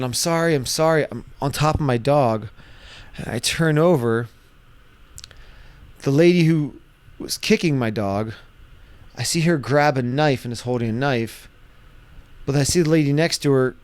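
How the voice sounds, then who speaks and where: A man casually telling a wild story to camera, animated and often restarting his sentences. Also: mid-range voice. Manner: animated, acts out shouted quotes, frequent restarts. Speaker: vlogger.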